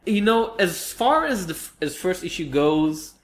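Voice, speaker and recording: A man co-hosting a comics podcast in a roomy, echoing space, his voice pitched a bit high. He talks in a dry, wry way as he picks stories apart. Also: big pitch swings, unhurried. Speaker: comics review podcast co-host. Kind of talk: casual chat.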